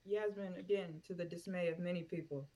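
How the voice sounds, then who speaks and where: A woman's voice: fairly low pitch, steady tone, a little fast, mellow. A woman guesting on a casual podcast, teasing and blunt, with the odd curse.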